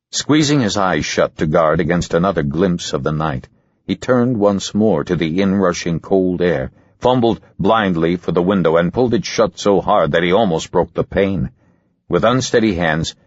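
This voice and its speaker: A man narrating a thriller audiobook in a measured, suspenseful way. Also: low-pitched, no room sound, dull audio. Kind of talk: scripted narration.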